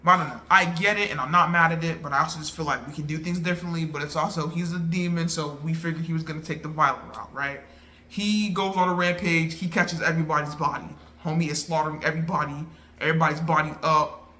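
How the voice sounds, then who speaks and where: Reviewing an anime movie, a man talks excitedly in relaxed, slangy conversation. He speaks fast, with lively energy, in a bright voice that's a touch high for a man.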